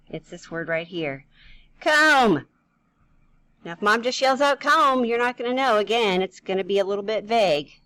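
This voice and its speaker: A woman's voice: fairly low pitch, rough recording. A woman teaching a grammar lesson to young children, playful and chatty, talking straight to them with questions.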